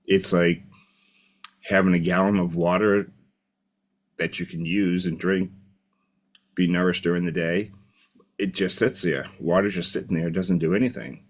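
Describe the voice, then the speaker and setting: A man with a low voice talks to camera as a motivational coach. His delivery is loose and reflective, and he restates his points as he goes. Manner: reflective, repeats key phrases, loose and unscripted. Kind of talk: motivational video monologue.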